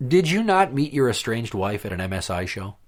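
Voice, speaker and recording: A man's voice: medium pitch, big pitch swings, a little fast. Male host, casual crude banter, sarcastic and profane. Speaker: podcast host.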